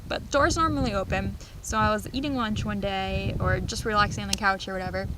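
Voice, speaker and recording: A young woman vlogging outdoors on a farm, casually telling funny stories with lots of laughs and excited squeals. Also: medium pitch, fairly quick, noisy background. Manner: animated, laughing, squealing when retelling scares. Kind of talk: casual storytelling vlog.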